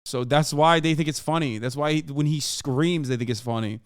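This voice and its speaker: A man's voice: on the high side, normal speed, clean tone, dry recording, clean studio sound. A man in his thirties streaming casual reaction commentary, rambling with many fillers and restarts, swearing and now and then bursting out in exasperation. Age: 30s.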